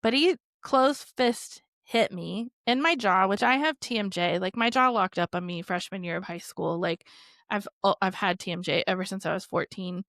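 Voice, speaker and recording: A woman's voice: mid-range voice, normal speed, a bit bright, dry recording, studio quality. A woman podcast host telling her own story candidly, rambling with lots of "like" and swearing freely.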